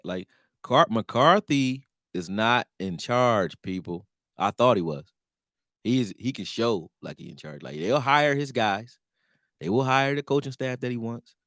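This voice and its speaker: Animated, profane male sports streamer. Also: medium pitch, dry recording, clean studio sound. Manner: animated, profane, answers chat. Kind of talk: casual live-stream sports talk.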